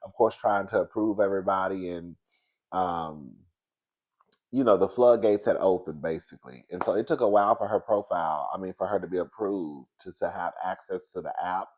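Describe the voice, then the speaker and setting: Man, sassy gossip host, animated, frequent laughter. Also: sits low, normal speed. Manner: animated, sassy, laughs often, calls listeners girl and baby. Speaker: commentary show host. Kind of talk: casual gossip commentary.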